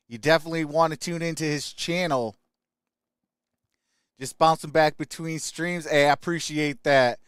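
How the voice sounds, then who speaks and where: A man's voice: sits high, fairly bright tone, smooth, dry recording, studio quality. A man hosting a casual live stream, upbeat, greeting viewers by name and reading their comments aloud. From Michigan.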